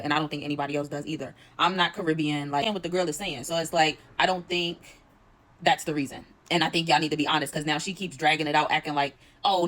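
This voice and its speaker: A young woman talks quickly and bluntly through a reality show recap. Her voice sits low for a woman, and she swears freely with a sassy edge. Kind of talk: casual recap commentary.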